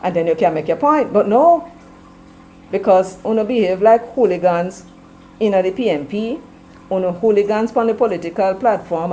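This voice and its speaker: A woman's voice: on the low side, warm tone, slight background noise, low-quality recording. A woman with a Jamaican accent giving a scolding opinion commentary, firing off rhetorical questions and slipping between English and patois. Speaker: political commentator.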